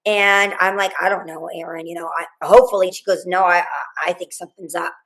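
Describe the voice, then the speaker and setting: A middle-aged woman being interviewed, recounting a frightening night in a rambling, halting way, full of restarts and quoted dialogue. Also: on the low side, steady tone, a bit bright, low-quality recording. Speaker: guest, mother of a murdered student. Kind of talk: emotional interview storytelling.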